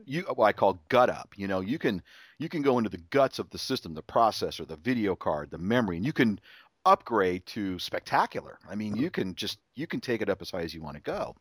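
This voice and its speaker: A middle-aged man hosts a casual chat, spinning a long, rambling family story. His voice moves around a lot in pitch. The sound is dry and close. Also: animated, fairly quick, slightly rough, dry recording. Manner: rambling with restarts, acts out his son's voice. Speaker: podcast host.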